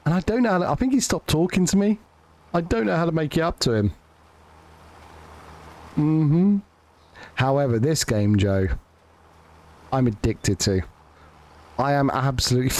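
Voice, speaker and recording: Mid-range and a little mellow, the man streaming a farming game keeps up loose, sweary banter and jokes for his audience, often backtracking to restart his sentences.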